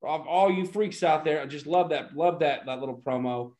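A podcast co-host recaps an old wrestling event in a casual, enthusiastic, laid-back way as part of a wrestling review chat. His fairly high voice is a little mellow, and he speaks at normal speed.

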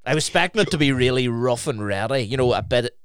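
A young man, chatting casually and swearing freely as he tells lively stories. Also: mid-range voice, fast talker, clear, resonant tone, dry recording, clean studio sound. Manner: swearing, lively anecdote-telling, laughs mid-story. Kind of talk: casual chat.

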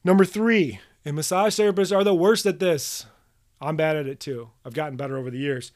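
A man's voice: a little high, fairly quick, darkish tone. A man hosting a solo podcast for practitioners, talking bluntly and emphatically, swearing casually and repeating his key points. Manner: emphatic, drills points with repetition. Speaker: podcast host coaching manual therapy practitioners.

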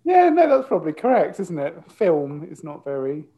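A man's voice: a little high, wildly swooping pitch, moderate pace, dark tone. A man co-hosting a casual chat, easygoing and asking short questions with lots of tag questions. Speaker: podcast co-host.

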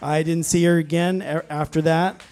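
Earnest preacher man, fairly high voice. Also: little pitch movement, normal speed, a little mellow. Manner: earnest storytelling, frequent restarts and amens. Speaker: pastor. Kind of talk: sermon with personal story.

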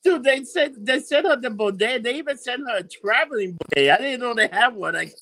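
Excitable high-voiced man, faint noise behind. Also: a little fast, rough recording. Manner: laughing, excitable, profane. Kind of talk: casual chat.

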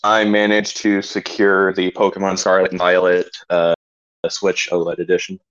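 A man's voice: low-pitched, monotone, moderate pace, fairly bright tone, clear, resonant tone. A man co-hosting a podcast in casual chat, laid-back and swearing casually. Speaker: podcast co-host. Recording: muffled lo-fi mic.

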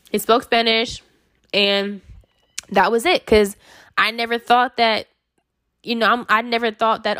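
A woman's voice: fairly high pitch, fairly even intonation, moderate pace, a bit bright. Woman just chatting casually, lots of like and you know, restarts her sentences. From United States. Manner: chatty, with many fillers and self-corrections. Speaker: speaker sharing personal experience. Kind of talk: casual personal talk.

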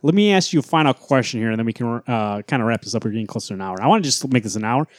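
A man's voice: medium pitch, lively intonation, very fast, no room sound. Man, podcast co-host, blunt, swears a lot, emphatic, dry close mic. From Central or South America family roots. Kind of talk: casual chat.

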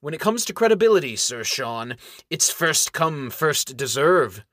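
A man's voice: a little high, very animated, measured pace, fairly bright tone, dry recording, studio quality, heavily acted. A man voicing a smug scheming baron. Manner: smug, lecturing, monologuing. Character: scheming gloating ambitious male baron, middle-aged. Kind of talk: audiobook character reading.

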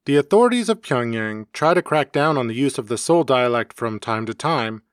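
A man narrating a scripted educational podcast in an even, read-aloud manner. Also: medium pitch, moderate pace, no room sound, studio quality. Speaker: podcast host. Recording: homemade podcast recording.

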